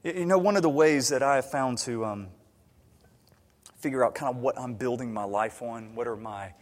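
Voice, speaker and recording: A man preaching a sermon as a pastor, emphatic, swinging between loud urgency and quiet intimacy. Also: mid-range voice, normal speed. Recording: long hall reverb.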